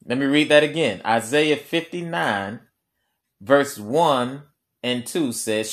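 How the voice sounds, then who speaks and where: A man preaching a sermon in a conversational way, repeating key lines slowly for emphasis. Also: medium pitch, a bit bright.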